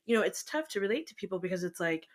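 A woman's voice: mid-range voice, big pitch swings, rapid-fire. A woman in her twenties hosting a casual podcast chat, giggly and eager to explain, often restarting her sentences. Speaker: podcast host.

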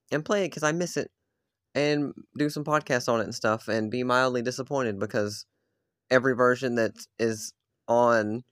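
A man's voice: mid-range voice, a bit bright, no room sound, studio quality. A young man hosting his own podcast alone, chatting casually and rambling with lots of restarts and filler words. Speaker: podcast host. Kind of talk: casual solo podcast chat.

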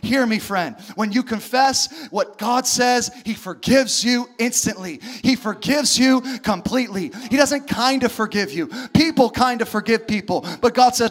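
A man preaching a sermon as a pastor, animated, acting out voices when he quotes. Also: very high-pitched, moderate pace, hardly any pauses.

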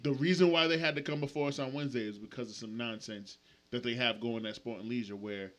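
A man's voice: mid-range voice, fast talker, a bit bright. A man, a podcast host, talking bluntly and casually with heavy swearing. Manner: blunt, profane. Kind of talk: casual chat.

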